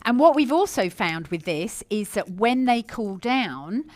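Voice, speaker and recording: A woman's voice: on the high side, sing-song, unhurried, dry recording. A woman hosting a cooking show, chatting in a bubbly, gushing way with lots of fillers and repeated words. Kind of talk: casual cooking show chat.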